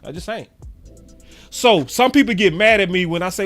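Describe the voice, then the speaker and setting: A man's voice: high voice, normal speed, a bit bright, soft background music. A man in his forties, a sports fan commentator, giving a passionate and repetitive rant to camera with preachy emphasis.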